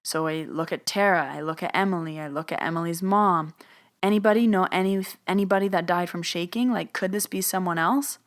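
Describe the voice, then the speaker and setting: A woman telling a personal story in a podcast, animated, acting out other people's lines as she goes. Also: on the low side, brisk, few pauses. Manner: animated retelling, acts out others' voices in quotes. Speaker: medium telling her story.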